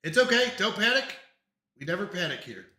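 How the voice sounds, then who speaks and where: A man's voice: high-pitched, big pitch swings, fairly quick, pushed and bright, roomy sound. A man live-streaming in casual chat, flustered and apologetic as he talks himself through technical trouble.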